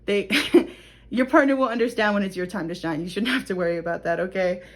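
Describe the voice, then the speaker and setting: A young woman talks through a tarot card reading in a relaxed, chatty way. She laughs often and keeps checking in with her listeners. Her pitch sits in a middle range. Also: a little fast. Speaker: tarot reader. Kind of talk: casual tarot reading to camera.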